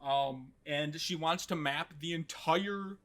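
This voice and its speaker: Male podcast host, casual and quick, swears freely, acts out quotes in a bright voice. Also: fairly high pitch. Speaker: podcast host recapping an anime.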